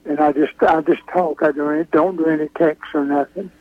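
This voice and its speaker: A man calling in to a radio show, speaking in plain, halting, brief phrases. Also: on the high side, fairly even intonation, dry recording. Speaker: caller. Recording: tinny phone line.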